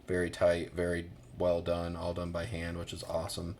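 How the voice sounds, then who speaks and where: A man's voice: sits low, monotone, normal speed, gravelly, darkish tone, slight background noise. An American man giving a casual boot review, rambling with many fillers and restarts.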